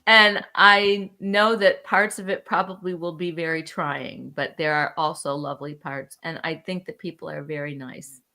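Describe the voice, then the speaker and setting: A woman's voice: low voice, steady tone, normal speed, few pauses, sharp tone. A middle-aged woman co-hosting with her child, telling a long rambling story in casual chat, swearing now and then. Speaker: co-host, mother of the host.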